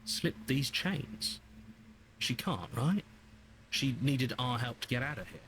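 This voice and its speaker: An actor voicing a calm male narrator in a video game, speaking in measured second-person narration. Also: mid-range voice, slight background noise.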